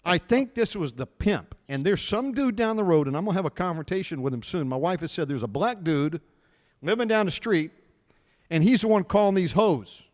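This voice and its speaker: Speaking at a moderate pace in a high-sitting voice, this middle-aged man from the United States hosts a radio show. His casual chat is full of lively stories where he performs the dialogue, all with a long reverb tail.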